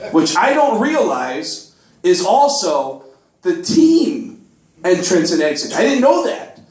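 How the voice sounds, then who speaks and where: A man telling a stand-up comedy story on a club stage, animated, bursting into loud high shouts as he acts out people. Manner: animated, swings into loud high shouts when acting out characters. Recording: roomy club sound from a distance, faint noise.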